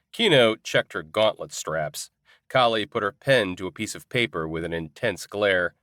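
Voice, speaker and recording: A man narrating a first-person audiobook in an expressive, conversational way. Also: fairly low pitch, moderate pace, dry recording, studio quality.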